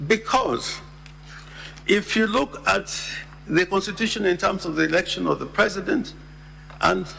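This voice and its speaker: A man, a lawyer, making a deliberate, emphatic formal legal argument in a senate chamber and repeating key words. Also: sits high, gravelly, bright, forceful tone, in a large hall, slight background noise.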